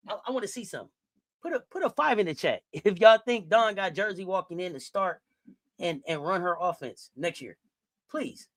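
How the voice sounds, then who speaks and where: A woman with a lowish, expressive voice hosts a sports talk stream at a moderate pace, pausing often in a dry recording. She delivers a profane, heated rant packed with repeated phrases, speaking straight to her live-chat viewers again and again.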